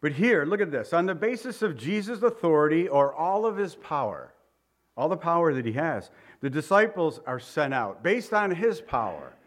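A man's voice: a little high, very animated, moderate pace. A man preaching a sermon as pastor, reading scripture aloud, praying and talking to his congregation in an earnest, conversational way. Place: church room.

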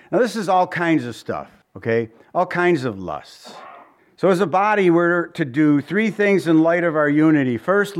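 A man preaching a sermon as pastor, earnest and conversational, pleading at times with his listeners. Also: fairly high pitch. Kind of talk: expository sermon.

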